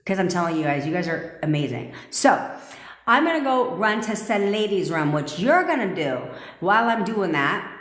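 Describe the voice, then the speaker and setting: A woman's voice: on the low side, sing-song, normal speed, a bit bright. A woman coaching viewers on a live stream, blunt, profane and commanding, joking with her audience. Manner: laughs and jokes with viewers. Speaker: manifestation coach. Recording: echoey room with long reverb.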